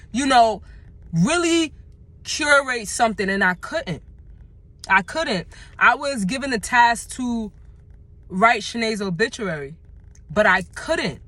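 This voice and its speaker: A woman talking candidly in a personal vlog, halting and reflective, emotional as she searches for words. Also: on the high side, bright, forceful tone, dry recording. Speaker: vlogger.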